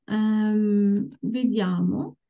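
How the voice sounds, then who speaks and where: A woman teaching a language class over a video call, slowly and patiently modeling words for students to repeat. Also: medium pitch, dark tone. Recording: dull lo-fi call audio.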